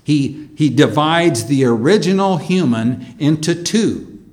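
A male pastor delivers a sermon at an unhurried, deliberate pace. His voice sits a little high for a man. He lifts his voice now and then to stress a point. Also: expressive, darkish tone. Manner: slow, measured preaching with emphatic rises.

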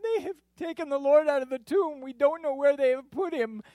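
A man's voice: extremely high pitch, brisk, mellow, no echo, voice pushed up. A man voicing a distressed young woman in a dramatic scripture reading, speaking urgently and raised.

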